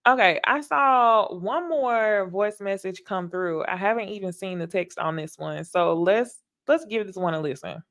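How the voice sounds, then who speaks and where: A woman's voice: mid-range voice, a little slow, few pauses, a bit bright, dry recording, clean studio sound. A woman with a Southern American accent hosting a casual, candid recap talk show, chatty and emphatic. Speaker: host.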